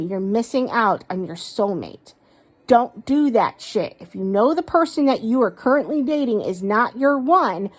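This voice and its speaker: A woman doing a casual tarot reading, blunt and emphatic, swearing often as she rants and gives advice. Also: mid-range voice. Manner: blunt, ranting, swears a lot; emphatic, stresses words slowly. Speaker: tarot reader.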